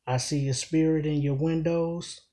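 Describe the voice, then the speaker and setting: A man's voice: on the high side, fairly even intonation, normal speed, mellow. A man giving a casual breakdown of battle rap lines, repeating each bar emphatically while explaining it.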